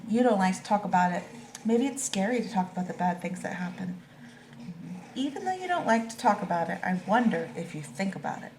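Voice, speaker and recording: Gentle woman reading a storybook aloud. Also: medium pitch. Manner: gentle, slow and reassuring, asks children questions. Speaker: teacher reading a picture book to children. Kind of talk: storybook read-aloud with discussion. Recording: echoey room with faint background noise.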